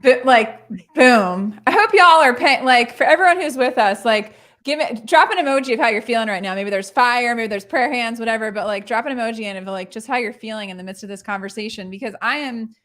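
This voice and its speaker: A woman's voice: fairly high pitch, brisk, few pauses, a bit bright. A woman hosting a casual livestream chat, bubbly and chatty, filling her talk with "like". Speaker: show host.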